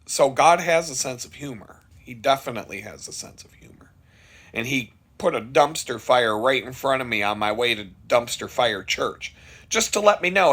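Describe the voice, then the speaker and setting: A man's voice: mid-range voice, lively intonation, moderate pace, a bit bright, husky. A man vlogging, telling a story in a blunt, profane, casual way and laughing at it.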